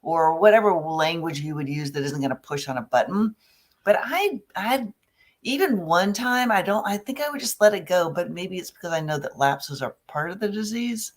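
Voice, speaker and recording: A woman in casual talk, telling lively stories and acting out what people said. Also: lowish voice, moderate pace. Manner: animated storyteller, acts out quoted voices. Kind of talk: casual conversational discussion.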